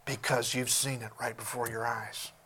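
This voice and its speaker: A male pastor preaching a sermon in an emphatic, deliberate way, often repeating words as he searches for them. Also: mid-range voice, level tone, bright, forceful tone, a little hiss or hum.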